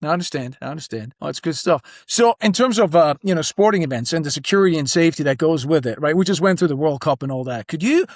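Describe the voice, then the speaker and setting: A man hosting a podcast, asking questions in a chatty, casual interview manner with quick interjections. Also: fairly high pitch, no room sound, studio quality. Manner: fast, chatty, quick backchannel replies. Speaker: podcast host.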